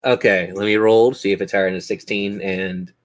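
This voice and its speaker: A low-pitched man runs a tabletop game as its game master. He narrates scenes dramatically and describes events, speeding up and slowing down as he goes. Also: fairly even intonation.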